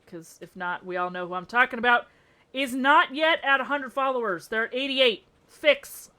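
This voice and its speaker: A young woman live-streaming, chatting casually with her chat in a bubbly, slangy way that bursts into excited shouts. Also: sits high.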